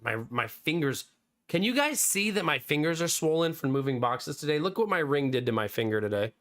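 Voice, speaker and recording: A man in his thirties, slightly hoarse, chatting casually on a live stream and answering viewers by name. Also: fairly high pitch, sing-song, a little fast, a bit bright. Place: home streaming room.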